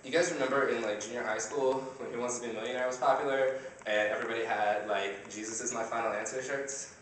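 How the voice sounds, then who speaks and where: A young man performs a stand-up comedy set, conversational and constantly checking in with the audience. The sound is picked up from far across a very echoey hall, with steady noise in the room. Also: mid-range voice, quick pace. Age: young adult. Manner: conversational, asks the crowd "right?" often. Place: university comedy competition stage, audience laughing. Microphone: filmed by a shaky camera from the audience.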